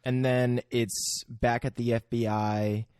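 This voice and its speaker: A man's voice: medium pitch, little pitch movement, slow pace, a little mellow, clean tone, no room sound, clean studio sound. A man co-hosting a podcast, chatting casually about a film in a laid-back, rambling way. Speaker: podcast co-host. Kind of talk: casual chat.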